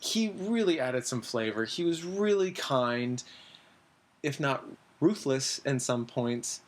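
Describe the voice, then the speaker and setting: A man hosting a casual podcast, rambling and excitable, acting out the scenes he retells. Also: takes it slowly. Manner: excitable, acts out scenes with sudden jumps in pitch; rambling, many fillers. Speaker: podcast host. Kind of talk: casual TV recap chat.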